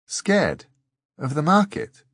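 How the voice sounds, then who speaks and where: Brief: an inquisitive, soft-spoken young man in an audiobook, his voice lifted slightly, as the narrator reads him. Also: on the high side, huge pitch swings, slow pace, no room sound, clean studio sound, voice pushed up, exaggerated voice. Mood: gentle. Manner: inquisitive, gentle questions. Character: curious, kindly young man, new to a strange world.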